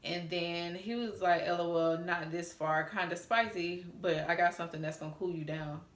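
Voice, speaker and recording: A young woman chatting through a storytime, candid and quick to curse as she reads old text messages aloud. Her voice sits a little low, and the room around her rings with echo. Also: fairly even intonation. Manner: candid, cussing, chatty with asides to viewers. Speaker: storytime vlogger. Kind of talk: casual storytelling, reading out texts.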